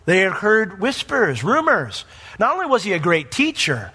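Bright-voiced emphatic male pastor. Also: high-pitched, normal speed, breathy edge. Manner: emphatic, animated, acts out quotes. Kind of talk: verse-by-verse sermon.

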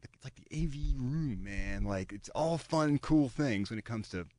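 Animated, wisecracking radio host guy, dry studio sound. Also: mid-range voice, unhurried, no room sound. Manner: energetic, joking, rambling. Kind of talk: casual radio interview.

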